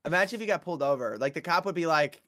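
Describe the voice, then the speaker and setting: A man's voice: fairly high pitch, expressive, very fast, sharp tone. A man co-hosting a casual podcast, telling stories in a slangy, chatty way. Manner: storytelling, slangy. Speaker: podcast co-host. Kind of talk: casual chat.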